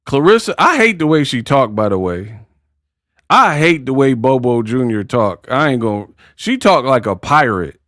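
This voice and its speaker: A man hosting a boxing livestream, ranting in an animated, mocking, slangy way. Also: medium pitch, moderate pace, no echo, clean studio sound. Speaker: boxing commentary livestream host. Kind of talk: casual livestream rant.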